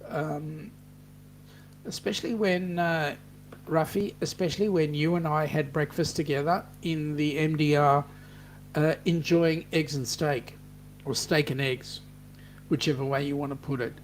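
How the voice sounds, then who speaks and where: Australian man, middle-aged, livestream host, rambling casual chat, somewhat high voice, faint hum behind. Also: fairly even intonation, unhurried. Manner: rambling and chatty, many ums and restarts. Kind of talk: casual live chat reading viewer comments.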